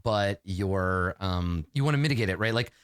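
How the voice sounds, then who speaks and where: A man running a tabletop game as game master, chatty and quick with laughing asides. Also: low-pitched, animated, clear, resonant tone.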